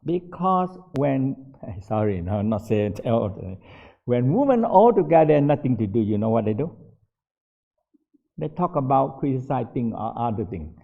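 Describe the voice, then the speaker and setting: In a dull, lo-fi recording, an older man leading a casual meditation workshop shares stories in broken English with frequent laughter. English isn't his first language, and his medium-pitched voice is creaky and very animated at a moderate pace.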